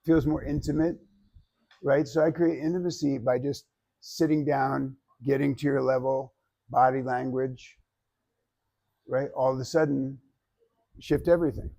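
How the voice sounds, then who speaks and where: A man teaching public speaking to a live class in an energetic, conversational way, often checking in with "right?". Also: medium pitch, a little slow, vocal fry, pauses often. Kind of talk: classroom lecture.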